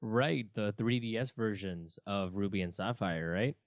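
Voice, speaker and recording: Low-voiced young man, dry and sarcastic. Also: no room sound. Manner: dry, sarcastic, quick to laugh. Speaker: podcast co-host. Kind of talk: casual chat.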